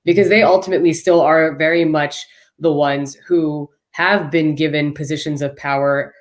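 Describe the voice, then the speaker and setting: A woman's voice: low voice, steady tone, normal speed. A woman speaking as a panel guest, earnest and articulate, building long arguments. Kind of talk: live panel discussion.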